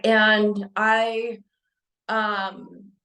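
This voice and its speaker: Young woman, earnest spiritual vlogger, halting delivery, mid pitch, roomy echo. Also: fairly even intonation, vocal fry, bright, forceful tone. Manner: earnest, halting with many restarts and fillers. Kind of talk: personal testimony to camera. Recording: echoey room.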